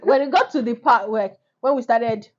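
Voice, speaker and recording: A woman's voice: fairly high pitch, normal speed. A Nigerian woman co-hosting a podcast, telling stories animatedly in casual chat. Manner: animated storyteller with laughs. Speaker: podcast co-host. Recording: dull lo-fi sound.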